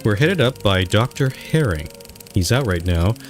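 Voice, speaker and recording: A courteous, slightly evasive office administrator woman, read aloud by a man. The voice sits low and is delivered in game dialogue, brisk and formal. Faint music plays behind. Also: big pitch swings. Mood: polite. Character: woman, senior dental office administrator, polite.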